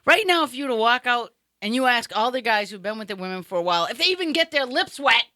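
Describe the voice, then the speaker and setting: A woman's voice: on the high side, lively intonation, fast, pushed and bright, no room sound, studio quality. A middle-aged woman hosting a comedy chat, telling stories with lots of laughter and acted-out quotes. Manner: laughs often, acts out quoted people. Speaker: comedy podcast host. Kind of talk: casual storytelling chat.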